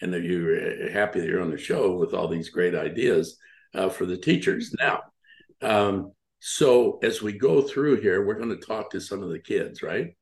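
A man hosting an on-air interview, halting and full of praise and encouragement. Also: sits low, expressive, echoey room. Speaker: radio show host.

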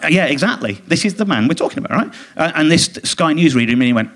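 A man, a comedian guest, telling a rambling, indignant anecdote with quick mimicked quotes in casual talk on a theatre stage. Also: fairly high pitch, sing-song, fairly bright tone. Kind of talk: casual anecdote in a live podcast interview.

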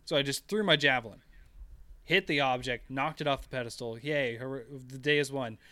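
A man's voice: mid-range voice, brisk, bright, forceful tone, clear, resonant tone, no echo. A man chatting casually on a gaming podcast, rambling through stories with lots of fillers and restarts. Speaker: podcast co-host.

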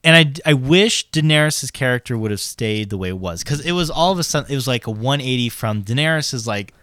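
A man co-hosting a casual podcast, swearing freely and retelling scenes with quick quoted lines. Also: medium pitch, lively intonation, fairly bright tone, dry recording, studio quality. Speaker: podcast co-host. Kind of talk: casual chat.

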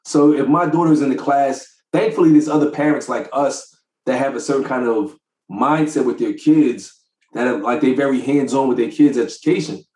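A man co-hosting a podcast, telling stories about his kids in a casual, animated way and laughing often. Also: mid-range voice, moderate pace, roomy sound, rough recording. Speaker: podcast co-host. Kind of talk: casual chat.

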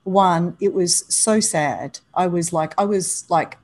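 A woman speaking as a guest on a podcast, telling candid stories in an animated, emphatic way. She laughs easily and moves between hushed asides and loud bursts. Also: fairly low pitch, slow pace, low-quality recording. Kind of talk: candid conversational storytelling.

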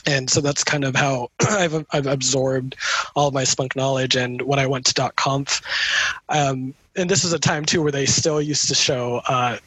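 A man with a somewhat husky, middle-pitched voice recounts his work in a relaxed, meandering way. He fills gaps with "um" and restarts his sentences often. The sound is close and dry, with no room around it. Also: normal speed, no echo, low-quality recording. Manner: rambling, many fillers and restarts. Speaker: interview guest, community manager. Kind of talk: casual conversational storytelling.

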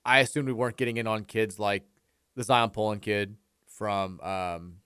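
Radio co-host, male, bright tone, dry booth, acts out anecdotes with gusto. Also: on the low side, moderate pace, smooth, no room sound. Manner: animated storyteller, acts out quoted friends loudly. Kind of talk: casual sports radio chat. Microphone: studio microphone.

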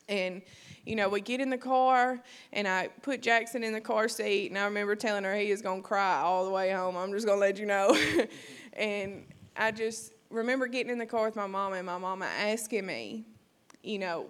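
A young woman giving an emotional personal testimony, halting, with many fillers. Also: medium pitch, fairly bright tone. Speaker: testimony speaker at church.

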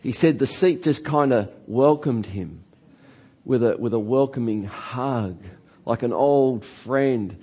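A male pastor preaching a sermon in a church hall, telling a story with animated delivery and drawn-out key words. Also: medium pitch, breathy edge.

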